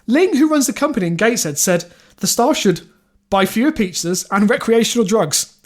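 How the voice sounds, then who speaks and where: Male podcast co-host, high voice, halting news reader with lots of ums. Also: animated. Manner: reads quotes aloud, halting with fillers and restarts. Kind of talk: casual comedic podcast chat.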